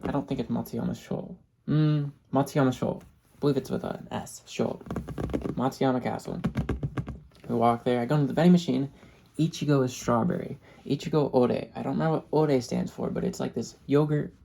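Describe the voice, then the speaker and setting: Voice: mid-range voice, fairly even intonation, brisk, creaky, background noise. An ASMR creator telling a travel story in a chatty, casual way. The speaker laughs often and drops in short Japanese phrases.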